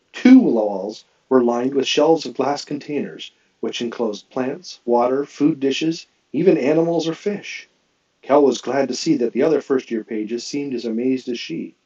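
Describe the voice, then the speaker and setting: A man reading a novel aloud in a steady, expressive narrating voice. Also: medium pitch, unhurried, slightly rough, no echo, lo-fi sound. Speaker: audiobook reader.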